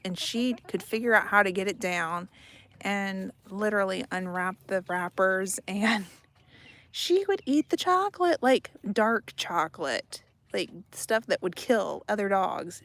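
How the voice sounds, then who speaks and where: A woman's voice: mid-range voice, dry recording. Middle-aged woman, casual homestead vlogger, chatty and giggly, repeats herself, recorded outdoors. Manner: chatty, laughs often, trails off and repeats herself. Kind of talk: casual chat to camera. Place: outdoors by a backyard chicken coop.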